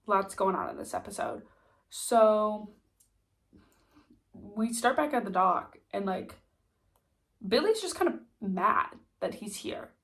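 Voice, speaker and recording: Stuffy-nosed woman chatting through a recap. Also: mid-range voice. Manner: chatty, lots of "like" and "um" fillers. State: stuffy nose. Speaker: TV recap vlogger. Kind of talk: casual spoken recap.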